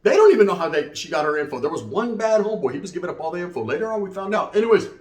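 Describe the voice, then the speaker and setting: A man's voice: sits high, big pitch swings, very fast, darkish tone. A middle-aged man, telling a comic story in streetwise slang and tagging lines with "right?". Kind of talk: comedic storytelling. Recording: roomy echo.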